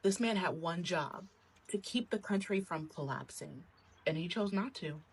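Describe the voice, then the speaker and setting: Woman narrator, husky, sarcastic scripted read with punch. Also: on the low side, expressive, normal speed, rough recording.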